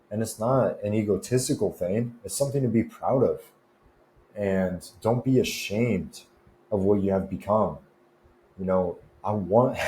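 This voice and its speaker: A man's voice: lowish voice, warm tone. A young man coaching fitness and confidence in a laid-back, slangy, chatty way. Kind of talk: casual advice vlog. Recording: roomy echo with faint noise.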